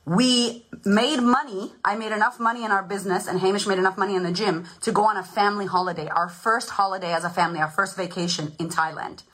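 A woman's voice: medium pitch, steady tone, fast, hardly any pauses, a bit bright, poor audio. A woman in her thirties, a podcast host and confidence coach, giving a blunt, swearing, emphatic motivational talk in a casual livestream.

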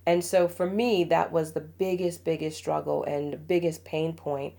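Middle-aged mother as podcast host, low gravelly voice, heartfelt and confiding. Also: steady tone, normal speed. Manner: warm storytelling, emotional, laughs often. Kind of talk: heartfelt parenting podcast talk.

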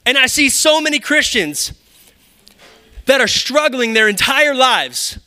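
Bright, animated male preacher. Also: very high voice, unhurried. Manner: animated, conversational preaching with rhetorical questions. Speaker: pastor. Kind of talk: sermon. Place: church sanctuary.

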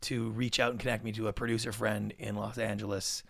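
A middle-aged man, a podcast guest, telling his story in an animated way and acting out what people said. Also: lowish voice, brisk, gravelly, no room sound. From Canada. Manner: animated, acts out quotes. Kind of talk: storytelling interview.

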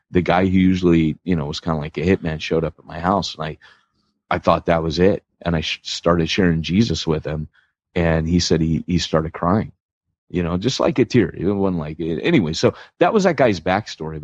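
Male podcast host, low husky voice, animated storyteller, dry lo-fi sound. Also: no room sound. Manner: animated storytelling, lots of fillers. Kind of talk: casual podcast chat.

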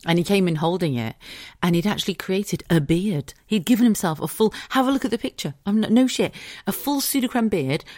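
A woman's voice: mid-range voice, expressive, a little fast, darkish tone, dry recording, studio quality. A British woman in her thirties hosting a podcast, telling a story in a chatty way, swearing freely and laughing often. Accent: British English. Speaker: podcast host. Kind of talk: casual solo podcast storytelling.

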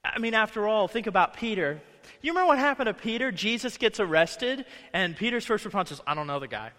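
Bright-voiced pastor preaching in a reverberant hall. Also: male voice, high-pitched, lively intonation, brisk. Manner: conversational, acts out quoted voices. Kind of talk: sermon. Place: church sanctuary.

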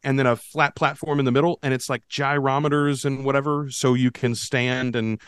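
A man co-hosting a podcast in casual, joking chat, talking quickly with frequent restarts. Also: mid-range voice, little pitch movement, a bit bright, clean tone, dry recording. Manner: quick, restarts and stumbles, jokey. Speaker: podcast producer and co-host.

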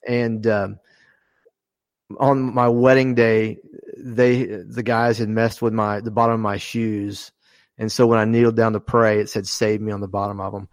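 A middle-aged man, a former fighter pilot, talking earnestly and haltingly on a podcast, with many pauses and restarts. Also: on the low side, flat delivery, dry recording. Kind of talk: casual podcast conversation.

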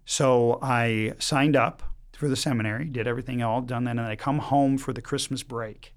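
Brief: middle-aged male priest guest from Michigan, mid-range voice, animated storyteller who trips over his words. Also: medium pitch. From Michigan, United States. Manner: lively, talks in quick bursts with many restarts. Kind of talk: casual storytelling chat.

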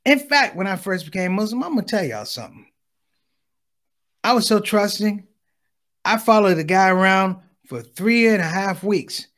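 A middle-aged man performing stand-up, his voice high and full of swings up and down. He slips in and out of impressions of his mother and father as he tells the story. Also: moderate pace. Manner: animated, acts out voices of his parents. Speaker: stand-up comedian.

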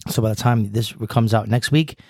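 A man's voice: lowish voice, normal speed, darkish tone, no echo, clean studio sound. A young man co-hosting a casual podcast, joking around and rambling through sports stats. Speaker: podcast co-host. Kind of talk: casual chat.

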